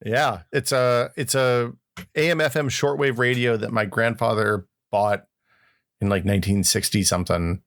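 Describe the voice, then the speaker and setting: A man's voice: medium pitch, fairly even intonation, normal speed, a bit bright. A man co-hosting a podcast in casual chat, explaining his points with examples and frequent restarts. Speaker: podcast co-host.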